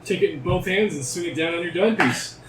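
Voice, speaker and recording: A man's voice: high voice, a little fast. A man narrating as game master of a tabletop game, playful and jokey, heard from a distance in a roomy space with background noise. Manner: playful, jokey, bursts into laughter and silly sound effects.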